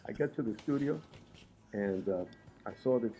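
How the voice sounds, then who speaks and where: A man from Puerto Rico, a guest musician, telling animated stories with frequent laughs. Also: fairly low pitch, measured pace, low-quality recording. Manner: lively, laughs often while telling stories. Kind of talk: animated storytelling in conversation.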